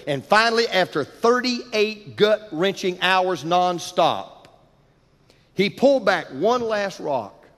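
A man's voice: sits high, animated, slow pace. Dramatic preacher man in a reverberant hall. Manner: dramatic, building intensity, drops to hushed tones. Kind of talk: sermon storytelling.

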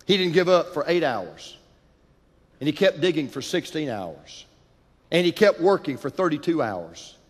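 A man preaching a sermon, telling a story dramatically, building intensity and dropping to hushed tones, in a church. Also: on the high side. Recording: long hall reverb.

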